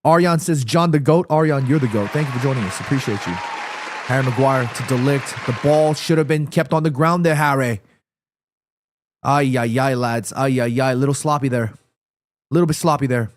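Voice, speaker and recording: A man with a stuffy nose hosting a live football watchalong stream, reacting excitedly to the match and reading viewers' chat messages aloud. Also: medium pitch, brisk, some chatter behind, slight background noise.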